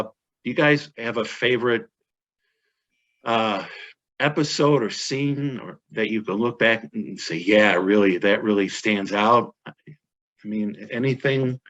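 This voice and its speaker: A man's voice: mid-range voice, unhurried, a bit bright, dull audio. Podcast host guy, mid voice, um-ing thru his questions. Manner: effusive reactions, hesitant questions. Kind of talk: interview questions.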